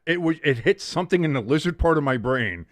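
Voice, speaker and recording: A man hosting a live game watch-along, calling plays and chatting with loud, profane tangents. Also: fairly high pitch, quick pace, no echo, studio quality. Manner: animated play-by-play mixed with profane rants. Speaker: host.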